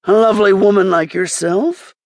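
A woman's voice: mid-range voice, fairly even intonation, a little mellow, no room sound, studio quality, natural voice. A woman doing a masked male train robber. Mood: flirting. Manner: slow, muffled through a mask.

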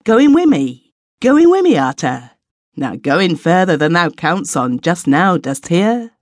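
A woman narrator voicing Joe, a blunt young man from a horse-dealing family who speaks loudly and sometimes mocks in an affected voice. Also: very animated, a little slow, no echo, studio quality. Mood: mocking. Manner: loud, blunt, mocking a high affected voice to the dog. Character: gruff adult male horse dealer's son, blunt.

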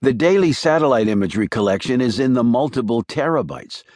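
A man's voice: mid-range voice, expressive, a little mellow, no room sound, studio quality, close to an everyday voice. A man voicing a nervous, earnest young male analyst around thirty in an audiobook thriller. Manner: quick, earnest explaining. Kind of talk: audiobook character voice.

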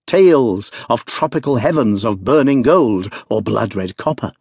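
Man narrating an audiobook, husky, lots of pitch movement, dry close sound. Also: measured pace, no room sound. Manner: expressive storytelling. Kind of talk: scripted narration.

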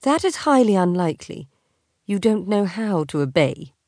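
A woman's voice: mid-range voice, sing-song, normal speed, mellow, no echo, studio quality, voice pushed up, close to an everyday voice. A woman voicing an exasperated, proud young noblewoman who speaks in a clipped, indignant way.

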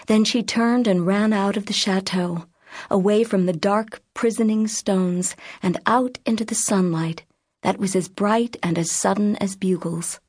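A woman narrating an audiobook in a measured, even reading voice. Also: medium pitch, no room sound, clean studio sound. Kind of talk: scripted narration.

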